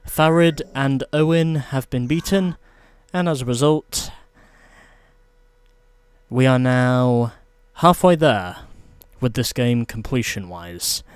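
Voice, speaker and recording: Narrating his video game run, a man chats and explains as he plays. His voice is medium in pitch, clear and resonant, recorded without echo.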